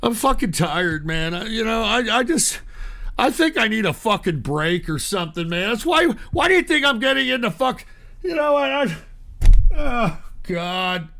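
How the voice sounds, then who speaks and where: A man's voice: very high voice, big pitch swings, moderate pace, creaky, pushed and bright. A man hosting a live call-in show, ranting angrily and swearing at his chat. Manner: angry, profane, ranting at chat.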